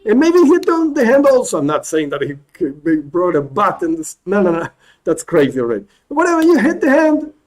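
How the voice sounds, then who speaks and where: Animated rabbi teaching a class. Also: male voice, fairly high pitch, a little fast, poor audio. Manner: animated, restarts, acts out examples. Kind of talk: spoken class.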